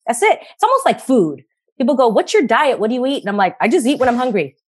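A woman guest in a casual podcast interview, talking in an animated way and repeating phrases for emphasis. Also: on the high side, quick pace, husky.

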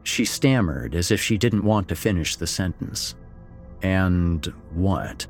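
Male narrator, low and animated, first-person fiction; faint music underneath. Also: slow. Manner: expressive, swings between wry and somber. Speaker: story narrator.

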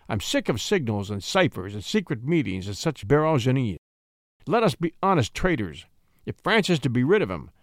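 A man's voice: medium pitch, no echo, studio quality. A man voicing a bold, impatient army captain who speaks with controlled violence.

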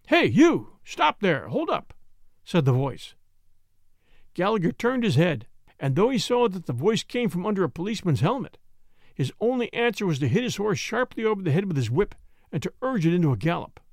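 A man reading an old story aloud as an audiobook, in a high voice that rises and falls a great deal. A gravelly edge runs through his measured, expressive delivery, and the recording is dry and close. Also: dry recording. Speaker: narrator. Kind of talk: audiobook narration.

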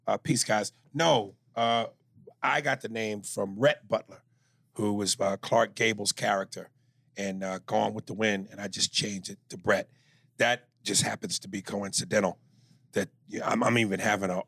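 Raspy comedian guy cussing n reading emails on a podcast, dry close sound. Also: fairly low pitch, steady tone, moderate pace, a bit bright, no echo. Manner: profane, joking, reads listener emails aloud. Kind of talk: casual podcast chat.

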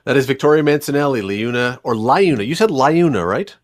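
A man's voice: on the high side, animated, quick pace, dry recording, studio quality. A man hosting a talk radio show, chatty, with joking asides. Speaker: radio podcast host.

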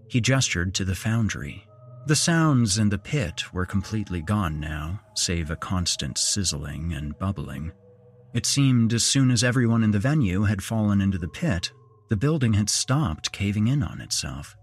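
A man narrating a horror story in a measured, dramatic scripted style, as podcast host. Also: sits low, animated, breathy edge, soft background music.

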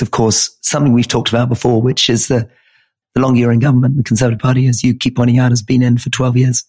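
Guy with a croaky husky voice going through politics on a podcast, steady, lists stuff. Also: mid-range voice. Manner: measured, lists names and facts. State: croaky, losing his voice. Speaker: podcast co-host.

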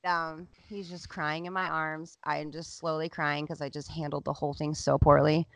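A woman's voice: deep voice, little pitch movement, moderate pace, a crowd in the background. A woman in her thirties hosting a podcast, telling a personal story in a candid, emotional way with lots of "like". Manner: candid, emotional, heavy use of "like". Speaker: podcast host. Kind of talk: casual storytelling chat.

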